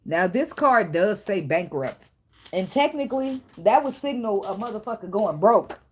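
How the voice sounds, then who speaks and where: A woman's voice: mid-range voice, animated, normal speed, breathy edge. A woman giving a casual tarot reading, blunt and profane, talking straight to the viewer. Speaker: tarot reader.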